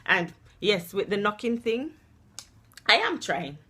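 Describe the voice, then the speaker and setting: Bright-voiced lecturing mum. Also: female voice, medium pitch, takes it slowly, husky. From Jamaica. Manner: lively, lecturing, laughs often. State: unwell, tired. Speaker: mother and vlogger. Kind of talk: casual family vlog chat.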